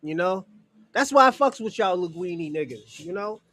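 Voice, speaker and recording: A man's voice: high voice, animated, moderate pace, sharp tone, no room sound. A man from the United States chatting on a casual livestream and answering his chat, talking loosely and profanely, filling gaps with "you know" and chuckling often.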